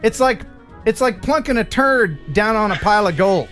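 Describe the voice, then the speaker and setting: A man's voice: high-pitched, animated, normal speed, music in the background. A man from the USA hosting a casual live stream chat, joking, laughing often and slipping into playful impressions.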